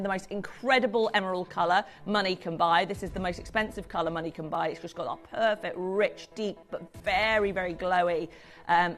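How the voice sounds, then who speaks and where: A woman's voice: mid-range voice, a bit bright. A woman presenting on a live shopping channel, selling jewellery with gushing, effusive patter.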